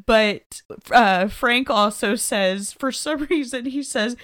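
A giggly woman co-host with a slightly high voice, trading quick casual banter on a podcast. She keeps breaking into laughter as she talks. Her tone is chatty and loose. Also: fairly bright tone. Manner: giggly, laughs often between lines. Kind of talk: casual chat.

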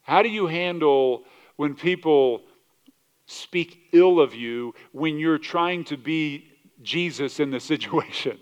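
A male pastor preaching a sermon, animated, asking rhetorical questions and often restarting his words. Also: a little high, slow, clear, resonant tone. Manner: animated, rhetorical questions, acts out quoted voices; repeats words and restarts mid-sentence.

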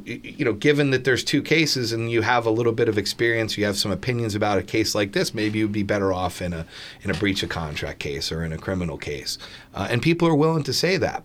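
A man's voice: on the low side, a bit bright, a little hiss or hum. A man on a podcast panel who argues his points with emphasis and mocks the other side. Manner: emphatic, argumentative, mocking.

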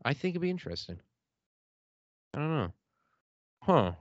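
A man's voice: a little high, dry recording. A man hosting a podcast in a casual, jokey chat, often breaking into laughter. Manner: animated, jokey, quick to laugh. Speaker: podcast host. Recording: dry, dull lo-fi audio.

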